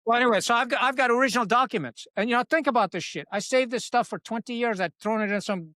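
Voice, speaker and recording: A man's voice: very high-pitched, fast talker, dry recording. Blunt, salty man telling war stories. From Pakistan. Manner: blunt, salty, animated storyteller. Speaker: podcast guest, retired Marine officer. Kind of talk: candid conversational storytelling.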